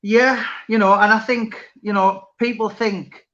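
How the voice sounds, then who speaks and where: A man's voice: high voice, fairly even intonation, unhurried, fairly bright tone, highs cut off. A man chatting casually as interviewer, rambling with many restarts. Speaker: interviewer and author. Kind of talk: casual chat.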